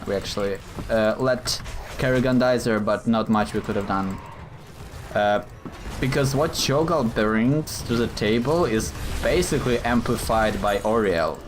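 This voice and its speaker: A man's voice: fairly low pitch, measured pace, noisy background. A man giving live commentary over his own gameplay, thinking aloud and explaining his choices in a hesitant, explanatory way.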